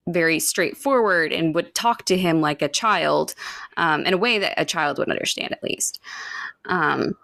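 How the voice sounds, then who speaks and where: A woman's voice: low voice, vocal fry, fairly bright tone, dry recording, studio quality. A woman co-hosting a podcast, chatting casually about a book with many fillers and reading passages aloud. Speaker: podcast co-host.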